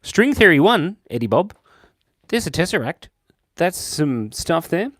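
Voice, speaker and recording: A young Australian man chatting casually with his viewers while he draws on a livestream, playful and quick to jump from excited to quiet. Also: no echo, clean studio sound. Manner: playful, jumps between high excited bursts and quiet mumbles. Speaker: livestream host drawing for chat. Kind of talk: casual live-stream chat while drawing.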